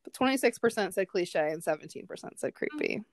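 A woman co-hosting a casual chat, reading out poll results and reacting in an animated way. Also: medium pitch, a little fast, dry recording.

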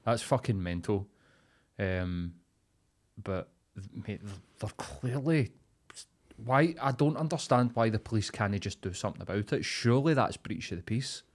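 A young man with a Glaswegian accent talks in a blunt, sweary rant. His voice sits somewhat low in pitch. The talk is loose and casual, the way podcast co-hosts chat. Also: animated, normal speed. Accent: Glaswegian Scottish. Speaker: podcast co-host.

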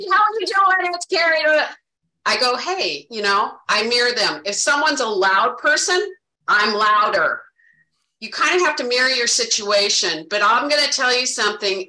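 A woman's voice: mid-range voice, sharp tone, reverberant, low-quality recording. A woman giving sales tips in a group discussion, talking in a bubbly, emphatic, over-the-top way. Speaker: sales agent sharing tips.

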